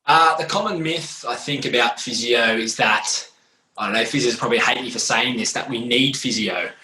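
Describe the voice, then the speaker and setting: A man's voice: mid-range voice, normal speed, reverberant, poor audio. A man, a physiotherapist, talking casually on a podcast in a rambling, storytelling way. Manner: rambling, animated storytelling with restarts. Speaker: physiotherapist guest.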